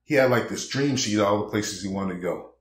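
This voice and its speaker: A man's voice: fairly low pitch, a little fast, reverberant. A man in a blunt, preachy casual monologue, peppering his talk with "man" and acting out quoted conversations. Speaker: vlogger.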